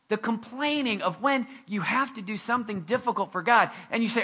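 Male pastor, conversational sermon delivery, bright forward tone, jokes at his own expense. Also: very high voice, a little fast, hardly any pauses. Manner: conversational and animated, with self-deprecating asides.

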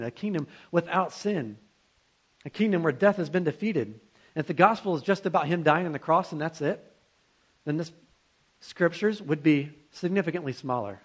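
A man's voice: fairly high pitch, slightly rough. A young man preaching a sermon to students, in a conversational and earnest way, with rhetorical questions.

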